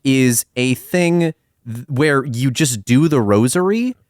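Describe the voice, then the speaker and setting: A man co-hosting a podcast, telling a story in a wry, animated, casual way. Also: mid-range voice, slow pace, dry recording, clean studio sound. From California. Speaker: podcast co-host. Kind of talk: casual chat.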